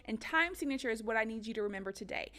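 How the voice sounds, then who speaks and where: A woman's voice: on the high side, expressive, rapid-fire, sharp tone. A woman music teacher giving a recorded lesson for children, upbeat and encouraging, counting beats and chanting rhythms aloud.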